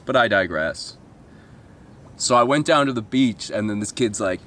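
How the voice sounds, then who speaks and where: A man's voice: fairly low pitch, unhurried, fairly bright tone, a little hiss or hum. A man telling a comic travel story as a vlogger, rambling and swearing, with self-mocking asides and mimicked voices.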